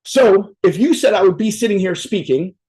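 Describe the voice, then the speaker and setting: A man's voice: high-pitched, animated, moderate pace, mellow, low-quality recording. A man giving a casual, profane motivational talk on a video call, joking and rambling, tossing in "right?" after almost every point. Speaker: motivational speaker. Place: on a virtual event via video call.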